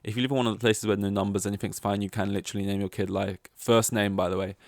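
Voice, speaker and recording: A man's voice: fairly low pitch, level tone, quick pace, no echo, studio quality. A young man hosting a solo podcast, rambling through tangents with many restarts. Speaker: podcast host.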